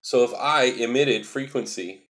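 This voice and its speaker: A man's voice: medium pitch, measured pace, a bit bright. A man hosting a casual livestream, explaining spiritual ideas in an earnest, repetitive, emphatic way and answering viewer chat.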